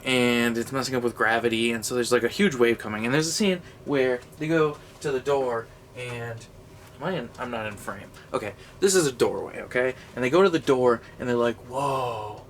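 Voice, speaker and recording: A man's voice: mid-range voice, lively intonation, normal speed, fairly bright tone, slight background noise. A young man giving a casual, rambling comedic movie review, sarcastic and sweary, laughing as he goes.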